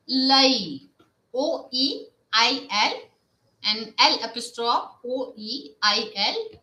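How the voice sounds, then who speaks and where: A woman teaching a live online lesson, drilling words with slow repetition and frequent checks of "Ok?". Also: sits high, sharp tone, echoey room. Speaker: French teacher.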